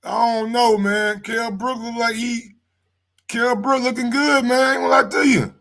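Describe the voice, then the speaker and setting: A man hosting a sports channel who gives live-stream reaction commentary, loud and profane and talking straight to his viewers. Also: very high-pitched, level tone, moderate pace, gravelly.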